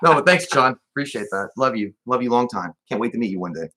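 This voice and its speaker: Brief: male co-host, teasing and crude, relaxed stream chat. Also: medium pitch, fast. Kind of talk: casual livestream banter.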